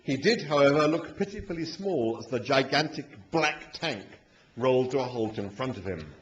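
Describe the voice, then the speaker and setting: A man narrating a story aloud in a lively, expressive way at a live reading in a hall. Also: medium pitch, normal speed, dull audio. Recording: echoey hall, faint noise.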